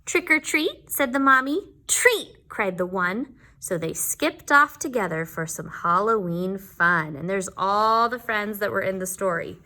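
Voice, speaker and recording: A woman's voice: mid-range voice, measured pace, few pauses, sharp tone. A woman teacher reading a picture book aloud to young children, with playful asides between the pages. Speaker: kindergarten teacher.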